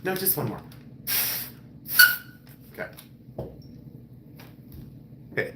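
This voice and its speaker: A man's voice: medium pitch, sing-song, unhurried, long pauses, a bit bright, roomy sound, a little hiss or hum. A man hosting a live-stream jewelry sale, chatting casually and joking and teasing.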